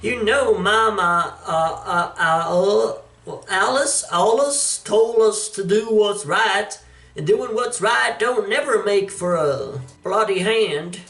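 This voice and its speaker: A man's voice: sits high, big pitch swings, slow pace, sharp tone, soft background music, voice pushed up, heavily acted. A man voicing a raving, scarred male villain who stammers and rants in a goofy hillbilly drawl. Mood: rambling. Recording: echoey room, distant mic.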